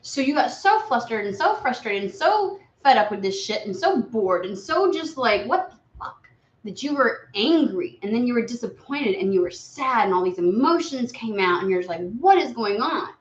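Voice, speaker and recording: A woman giving a casual live tarot reading, blunt and profane, lively and often slipping into quoted voices. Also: a little high, normal speed, hardly any pauses. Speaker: tarot reader. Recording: echoey room, dull lo-fi sound.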